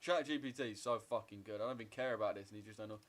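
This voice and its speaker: In a lowish, rapid-fire voice, a twenty-something streamer talks with his audience while trading on a livestream, tossing out loose, profane banter in reply to their chat.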